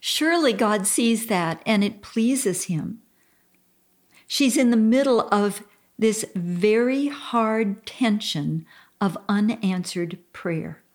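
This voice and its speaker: A woman's voice: medium pitch, expressive. An older woman hosting a Christian advice talk, speaking in an earnest, heartfelt way. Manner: earnest and heartfelt, slow and deliberate; slow-paced. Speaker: radio show host.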